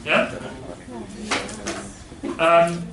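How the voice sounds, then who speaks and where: A man's voice: a little high, completely flat delivery, drawn-out words. A man teaching an English grammar lesson to a classroom, patiently explaining and asking the class questions. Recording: echoey classroom, far from mic, background noise.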